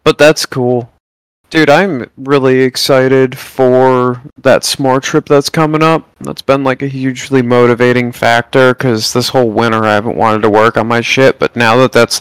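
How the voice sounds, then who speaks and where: Smooth-voiced laid-back podcast guy. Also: mid-range voice, fairly even intonation, measured pace, no echo, poor audio. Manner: laid-back, swears freely. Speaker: podcast co-host. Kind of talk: casual chat.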